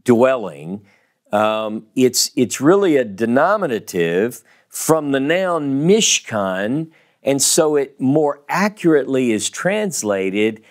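A man with a Southern US accent teaching the Bible, slow and emphatic, repeating key words to stress them. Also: mid-range voice, very animated. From American South.

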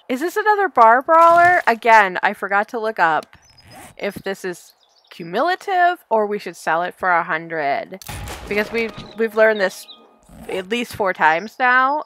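A woman's voice: fairly high pitch, big pitch swings, a little slow, sharp tone. A woman hosting a game let's play, chatting as she plays, talking to enemies, easily startled and often laughing. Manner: chatty, thinks aloud, talks to the enemies. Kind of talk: casual gameplay commentary.

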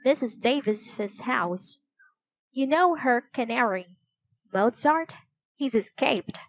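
A woman's voice: a little high, expressive, takes it slowly, no room sound, pitched above the performer's own voice, full character voice. Woman reading as Dink, an eager young boy. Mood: earnest. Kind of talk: storybook reading.

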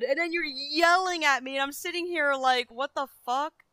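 A woman's voice: high voice, moderate pace, few pauses, sharp tone, dry recording. A young woman streaming, talking casually to her chat, flustered and self-deprecating, swearing often as she vents. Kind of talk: casual livestream talk to chat.

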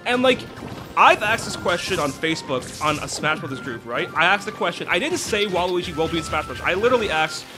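A man's voice: high-pitched, a little fast. A young man hosting a gaming let's play, ranting with exasperation and tossing in "right?" again and again. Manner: animated, exasperated ranting with many "right?" asides. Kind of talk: ranting gameplay commentary. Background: game music.

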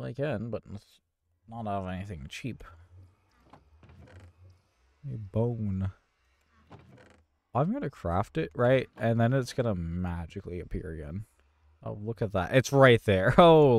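Gravelly, lively man narrating his gameplay. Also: on the low side, unhurried, pauses often, no room sound. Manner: exasperated, talking to himself, mild cursing. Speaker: gaming channel host. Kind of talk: live gameplay commentary.

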